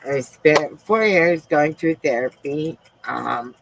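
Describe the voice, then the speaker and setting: A woman with a notably low voice speaks softly and haltingly from home, pausing often as she confides in her viewers. Her delivery is emotional and personal over a phone or webcam mic, with a faint hiss of noise underneath. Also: animated, gravelly. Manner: soft-spoken and halting, with frequent pauses. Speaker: live streamer. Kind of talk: casual live-stream chat.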